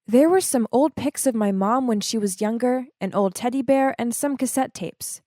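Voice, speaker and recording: A woman narrating an animated storytime in a dramatic, emotive way. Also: moderate pace, no echo, clean studio sound. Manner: emotive and dramatic, swings to high exclaims.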